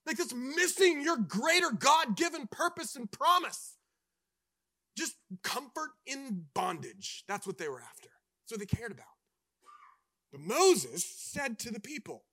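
A man preaching a sermon with passion, swinging between hushed, intimate lines and loud emphatic ones. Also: extremely high pitch, sing-song, a little slow. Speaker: pastor.

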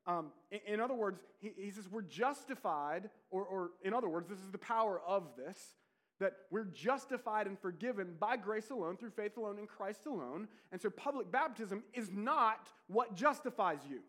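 A man's voice: high-pitched, animated, normal speed. A man preaching a sermon as pastor, earnest and emphatic, with conversational asides and rhetorical questions. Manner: earnest preaching, rising to emphatic peaks and dropping to quiet intensity.

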